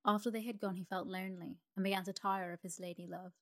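Calm woman reading a bedtime story. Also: medium pitch, fast. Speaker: narrator.

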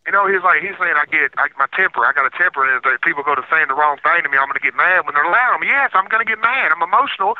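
A man's voice: a little high, very fast, few pauses. Indignant man on a phone line. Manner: heated, repetitive, indignant. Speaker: interviewee, former defendant. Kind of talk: emotional recounting on phone.

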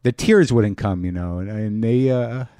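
A middle-aged man, a podcast host, telling a personal story in a halting monologue full of restarts and fillers. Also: on the low side, mellow, smooth, no room sound.

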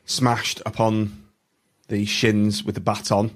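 A man hosting a casual chat, speaking in a measured, hesitant way. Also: fairly low pitch, level tone. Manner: measured, hesitant, lots of fillers.

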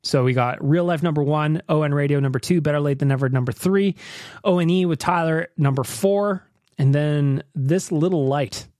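A man's voice: on the high side, moderate pace, dry recording, clean studio sound. A man hosting a casual podcast, joking around and laughing often. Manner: jokey, laughs often, lively. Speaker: podcast host. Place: Edmonton.

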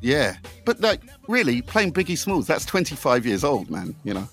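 A middle-aged man, a DJ guest telling animated anecdotes in casual chat and acting out the people in them. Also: mid-range voice, moderate pace, faint music behind. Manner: animated, swearing, acts out voices in anecdotes.

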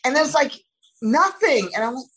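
A woman in casual conversation, speaking thoughtfully with a soft, soothing voice and frequent restarts. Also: sits high, animated, moderate pace, slight background noise, low-quality recording.

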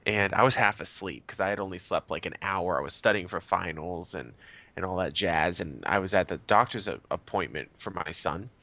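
A young man co-hosting a podcast in casual chat, animated, swearing freely and laughing often. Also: deep voice, a little fast, no room sound. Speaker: podcast co-host.

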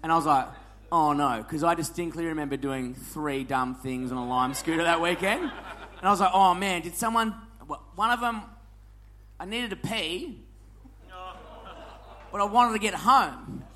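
A man's voice: a little high, moderate pace, sharp tone, a little hiss or hum. An Australian man telling a rowdy, sweary story with lots of laughing, as a comedian at a live show. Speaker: comedian guest.

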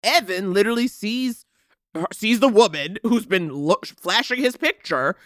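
Animated woman recapping a TV show. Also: mid-range voice, normal speed, dry recording, studio quality. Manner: animated and emphatic, voices characters while retelling. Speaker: podcast co-host. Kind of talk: casual TV recap chat.

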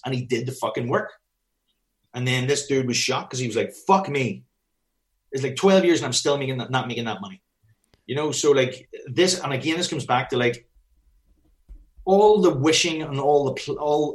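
Here a man with a mid-range voice coaches personal trainers on business, talking bluntly and cursing freely. The conversation is casual and direct, and he keeps slipping into little acted-out exchanges.

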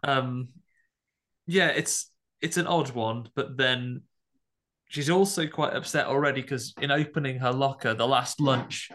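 A man co-hosting a podcast in casual chat, animated and jokey, with high outbursts. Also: measured pace. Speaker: podcast co-host.

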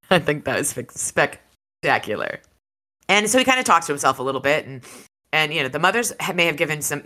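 A woman hosting a casual book club podcast, chatting in a lively way and reading passages aloud between comments. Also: low-pitched. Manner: lively and chatty, laughs easily.

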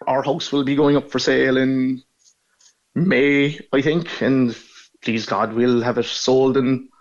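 A man's voice: medium pitch, fairly even intonation, slow pace, dull audio. A man in his forties with a northside Cork accent, a caller telling stories in a frank, easygoing way. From Ireland. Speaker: caller living abroad. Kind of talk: casual phone interview.

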